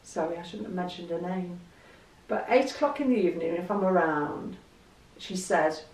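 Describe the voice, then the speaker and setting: An English woman chats to camera in a vlog, telling stories and laughing easily, her voice on the low side with a darkish tone and a moderate pace. The recording has a roomy echo from a distant mic.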